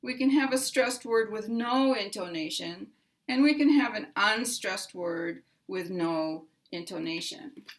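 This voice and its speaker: An American woman teaching pronunciation at an unhurried pace. She lays out each rule in a deliberate, measured way and speaks her example sentences out clearly. Her voice sits at an ordinary middle pitch. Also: animated. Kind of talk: slow, careful teaching explanation.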